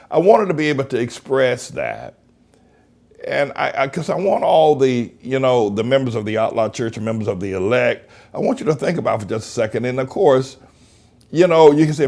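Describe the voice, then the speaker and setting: A man's voice: mid-range voice, sing-song, brisk, gravelly. A male pastor preaching a broadcast sermon, emphatic, stretching out key words and repeating himself.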